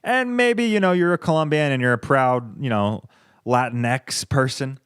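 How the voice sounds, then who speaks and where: A young American man talks straight into a close, dry microphone, his voice smooth and clean. He rambles through a casual solo podcast, swearing freely and drifting into sarcastic tangents. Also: mid-range voice, moderate pace, fairly bright tone, no echo. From United States. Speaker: podcast host.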